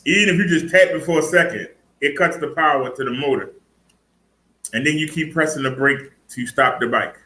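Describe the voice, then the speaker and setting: A man's voice: a little high, a little fast, bright, forceful tone, reverberant, poor audio. A man casually demonstrating an e-bike in a vlog, chatty, laughing and talking to his viewers. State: out of breath. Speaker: fitness and e-bike vlogger.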